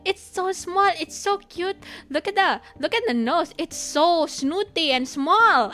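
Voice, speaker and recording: A young woman streaming and chatting casually with her viewers, giggling often and squealing when excited. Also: high voice, unhurried. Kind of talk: casual chat with chat. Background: soft background music.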